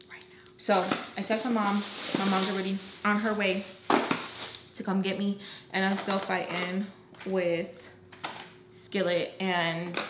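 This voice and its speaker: A young woman chatting casually as she tells a personal story, emphatic and acting out quoted lines. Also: mid-range voice. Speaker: storytelling vlogger. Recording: roomy with faint ambient noise.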